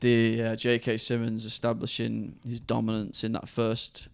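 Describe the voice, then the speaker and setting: Mancunian man, late thirties, podcast co-host, rambling film chat, mid-pitched voice. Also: monotone, normal speed, gravelly, clean tone. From Manchester, England. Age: late 30s. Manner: rambling, full of ums and restarts.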